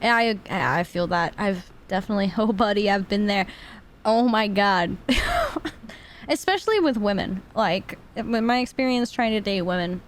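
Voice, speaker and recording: A woman's voice: mid-range voice, expressive, moderate pace. A woman chatting casually on a podcast, swearing freely and joking. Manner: laughs often, swears, chatty. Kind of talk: casual chat.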